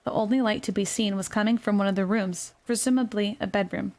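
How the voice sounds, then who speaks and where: A young adult woman reading her own novel aloud in a quiet, gentle ASMR narration, with small self-corrections. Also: medium pitch, fairly quick. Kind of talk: soft-spoken ASMR story reading.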